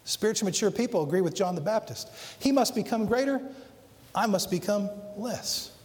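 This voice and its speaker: Middle-aged guy pastor preaching, high voice, dramatic swings loud to soft, long church echo. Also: expressive, brisk. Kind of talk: sermon. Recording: long hall reverb.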